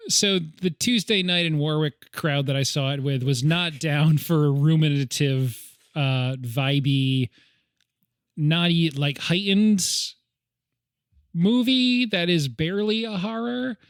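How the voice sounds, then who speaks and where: A man's voice: a little high, takes it slowly, smooth, no room sound, clean studio sound. A man chatting on a podcast, telling a rambling, joking story full of ums and likes. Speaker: podcast co-host. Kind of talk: casual chat.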